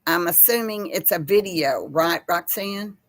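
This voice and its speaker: Brief: middle-aged woman host, chatty and rambling, lowish voice, dry close sound. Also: measured pace, dry recording. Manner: rambling, chatty, laughs easily. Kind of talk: casual livestream chat reading comments.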